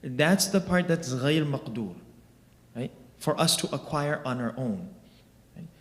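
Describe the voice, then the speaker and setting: A man's voice: mid-range voice, lively intonation, unhurried, a bit bright. A man giving a religious class in a conversational way, explaining with everyday examples and often asking "right?" to check in with listeners. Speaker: religious teacher. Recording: long reverb of a large hall.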